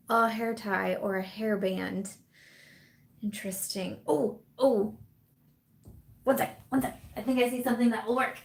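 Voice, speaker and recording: A woman's voice: a little high, gravelly. A young woman hosting a casual live chat from home, talking in a rambling, chatty way and laughing often. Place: at home in the evening.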